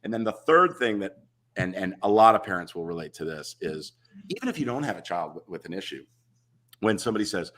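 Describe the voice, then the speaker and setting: A man, a guest on a talk show, chatting casually and telling lively anecdotes over a video call. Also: deep voice, brisk. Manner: animated storyteller, acts out other people's lines.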